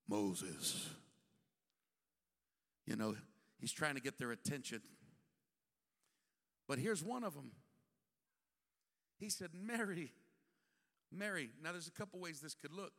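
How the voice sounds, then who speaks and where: A man's voice: a little high, gravelly, a bit bright. A male bishop preaching a sermon, telling the story with humor and acting out the scenes. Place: church sanctuary. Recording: long church hall reverb.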